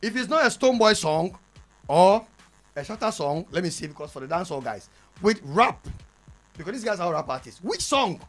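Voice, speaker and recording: A man's voice: high-pitched, very animated, brisk, fairly bright tone, faint music behind. A Ghanaian man with a Ghanaian English accent, joking and bantering as a panelist on a radio show, laughing often as he makes his point. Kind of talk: lively studio panel banter. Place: radio studio.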